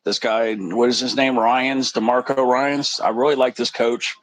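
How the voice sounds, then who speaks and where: A man's voice: mid-range voice, fairly even intonation, a little slow, fairly bright tone, low-quality recording. A man co-commenting a football game in casual chat, telling stories in a rambling, laid-back way.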